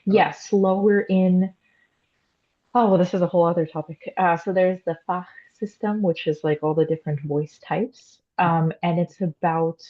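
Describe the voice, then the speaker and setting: Speaking at a normal speed in a fairly low, steady voice, a young woman trained as a classical soprano walks through voice types during a casual interview. She says "um" and "like" a lot. The sound quality is lo-fi.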